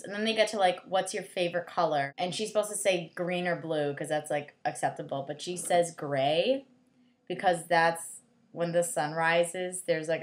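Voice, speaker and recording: A woman's voice: lowish voice, a bit bright. A young woman giving a rambling, sarcastic book review, full of "like" fillers. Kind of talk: casual vlog book review.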